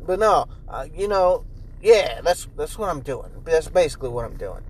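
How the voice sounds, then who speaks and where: A young man talks alone in his parked car, swearing freely as he rambles about work. His voice sits fairly high, and he keeps breaking into loud, excitable bursts. The sound is casual and close, like a phone propped up in the car. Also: moderate pace, rough recording. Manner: animated, profane, jumps into loud high mimicry. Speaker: podcast host. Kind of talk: casual solo podcast rant. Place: inside a car.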